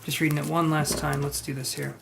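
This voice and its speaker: Soft-spoken man giving a live tarot reading. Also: fairly high pitch, brisk, creaky, noisy background. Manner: relaxed, thinking aloud, soft-spoken. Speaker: tarot reader. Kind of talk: live-stream tarot reading, reading chat aloud.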